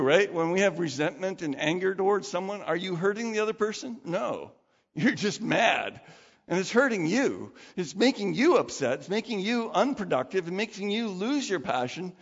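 A man preaching a sermon as pastor, conversational and animated, acting out quoted voices. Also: high voice. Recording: dull sound with long hall reverb.

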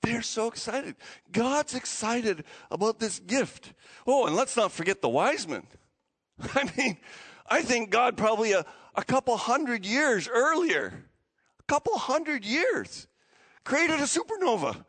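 A man preaching a sermon, telling the story with animated, excitable energy and frequent restarts. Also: very high-pitched, measured pace, husky, poor audio. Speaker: pastor.

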